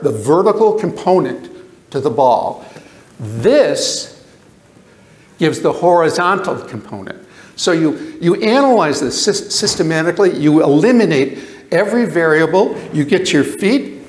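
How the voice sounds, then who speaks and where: An older man giving a lecture, animated, asking the audience questions and repeating himself for emphasis. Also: a little high, measured pace, roomy sound. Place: lecture hall.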